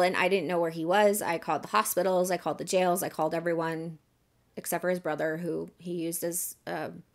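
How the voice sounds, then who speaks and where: A woman's voice: fairly low pitch, steady tone, brisk. Candid woman telling her own story. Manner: casual and candid, many fillers, swears freely. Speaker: podcast host. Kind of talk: personal story told on a podcast.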